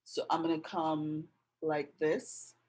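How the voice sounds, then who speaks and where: A woman with a slightly low voice talks slowly through a drawing lesson. She describes each step gently as she works. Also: little pitch movement, poor audio. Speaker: art tutor. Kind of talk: casual drawing tutorial. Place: indoors with passing road traffic.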